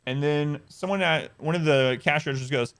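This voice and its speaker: A male streamer with a slightly higher voice than most men, telling a story in a casual, animated way. He sounds exasperated and acts out other people in a raised voice. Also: normal speed, clean tone. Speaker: livestreamer.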